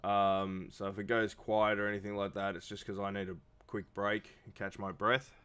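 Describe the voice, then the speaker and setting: A man's voice: fairly low pitch, flat delivery, normal speed, fairly bright tone, clear, resonant tone. A man doing casual live-stream commentary for an online racing league, talking with many fillers while feeling unwell. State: not feeling well.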